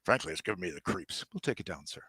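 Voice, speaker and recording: Nervous aide, hushed and deferential, gravelly and dry, read by a man. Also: deep voice, sing-song, fast talker, dry recording, pitched below the performer's own voice, exaggerated voice. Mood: uneasy. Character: timid, weary male White House aide. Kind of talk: author reading his novel aloud.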